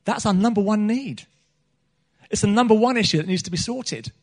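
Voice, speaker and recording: A middle-aged man preaches a sermon at a church meeting in a high-pitched, expressive voice at normal speed. He's earnest, repeating himself and often restarting his phrases.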